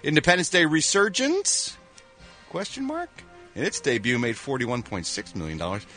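Lively, animated male radio host. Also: fairly high pitch, soft background music. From Philadelphia. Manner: animated, jokey, with quick sound-effect interjections. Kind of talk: morning radio entertainment news. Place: radio studio.

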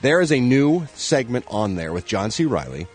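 A man's voice: mid-range voice, normal speed, husky, faint music behind. A man co-hosting a radio show, telling jokey entertainment news in casual banter. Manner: animated, jokey storytelling.

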